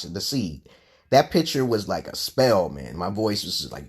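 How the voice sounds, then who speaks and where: A man's voice: animated, normal speed, husky. A rambling man ranting on a livestream with a wildly swinging voice. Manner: rambling, swearing, swinging between low mutters and loud outbursts. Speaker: livestream host. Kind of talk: profane live-stream rant.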